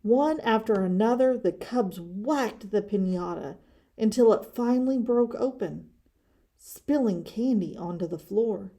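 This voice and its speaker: A woman's voice: medium pitch, lively intonation, measured pace, warm tone. A woman reading a children's storybook aloud expressively. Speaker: story reader.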